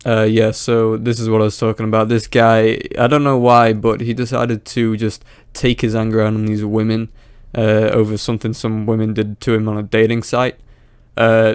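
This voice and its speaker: Flat, mocking male reaction commentator. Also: lowish voice, moderate pace, hardly any pauses, smooth, no echo. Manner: mocking, profane, flat delivery.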